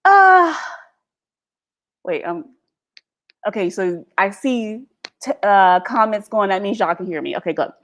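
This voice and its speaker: Speaking at a measured pace with long pauses, this woman has a medium-pitched voice and lively intonation, and the sound is lo-fi. She's an American vlogger on a live stream, delivering a candid, unscripted, profane rant to viewers with frequent laughter. She records at home through a laptop's built-in microphone.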